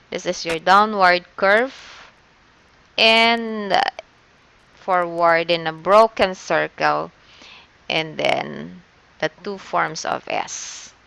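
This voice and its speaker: A woman's voice: fairly low pitch, creaky, a bit bright, clean tone. A woman teacher with a Filipino accent, patiently leading an online shorthand lesson step by step and checking in with "okay" often.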